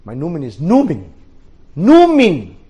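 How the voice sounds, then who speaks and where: A man doing a calm man giving firm orders. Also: medium pitch, quick pace, natural voice. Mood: shouting. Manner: reassuring, then shouting short commands. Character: calm, kindly man sparing an enemy soldier.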